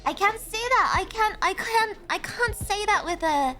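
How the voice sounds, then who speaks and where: A woman's voice: very high voice, lively intonation, normal speed, pushed and bright, soft background music. A woman with an Irish accent, hosting a casual live stream as a playful tour guide, laughing often and swearing casually as she banters with chat.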